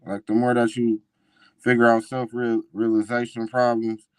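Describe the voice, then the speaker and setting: A man's voice: medium pitch, normal speed, smooth, no echo. Laid-back male podcast host, dry sound. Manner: relaxed, rambling, frequent affirmations. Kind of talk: casual conversational interview.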